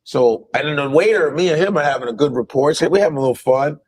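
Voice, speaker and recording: Husky-voiced New man, animated storyteller, swears a lot. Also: fairly high pitch, quick pace. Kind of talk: casual storytelling.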